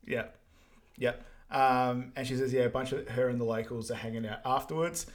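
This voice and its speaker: A man co-hosting a casual podcast, recapping a movie plot at an easy pace. He talks loosely, with plenty of filler words. His voice sits at an ordinary middle pitch. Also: normal speed. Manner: relaxed, many fillers like um and like. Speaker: podcast co-host. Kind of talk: casual film recap chat.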